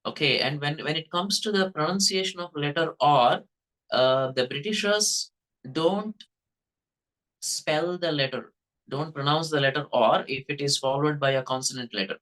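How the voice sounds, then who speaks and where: A man's voice: on the high side, moderate pace, a bit bright, low-quality recording. A man with a Telugu-influenced Indian English accent, teaching English pronunciation in a casual spoken lesson and often checking in with "okay, right?". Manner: repeats "okay, right?" and "you know", demonstrates sounds.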